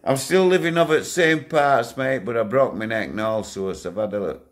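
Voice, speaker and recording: An older man of medium pitch and moderate pace speaks casually and at length to the viewers of his channel. He chuckles through his stories, swearing freely and speaking bluntly.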